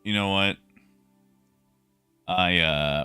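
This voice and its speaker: A young man casually chatting with his stream viewers, relaxed and talkative, greeting people by name. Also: fairly low pitch, a little slow, clean tone, dry recording, soft background music. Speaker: livestreamer.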